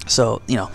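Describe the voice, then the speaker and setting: A man's voice: mid-range voice, vocal fry, a bit bright. A man doing casual gameplay commentary in a just-woken morning voice, chatty and rambling with self-mocking jokes. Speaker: gaming commentator.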